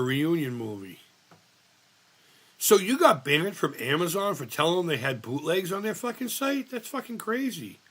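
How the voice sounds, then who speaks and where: A man's voice: on the high side, fairly bright tone. A middle-aged man, hosting a casual live chat and telling rambling, profane stories while reading chat aloud. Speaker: livestream host.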